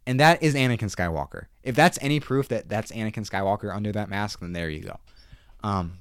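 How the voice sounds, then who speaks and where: Excitable low-voiced man recapping a show. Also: no echo, studio quality. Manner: excitable, emphatic, repeats himself. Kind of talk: casual episode recap.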